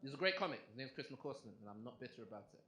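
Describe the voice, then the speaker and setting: A young man doing a stand-up comedy set, chatty and animated, asking the crowd questions on a club stage. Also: medium pitch, racing. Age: young adult. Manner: conversational, animated punchlines, asks the crowd questions. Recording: echoey club with crowd noise.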